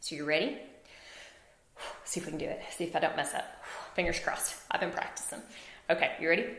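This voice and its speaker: A woman teaching a phonics lesson to young children, slowly sounding out word parts and praising answers. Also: on the low side, pushed and bright, echoey room.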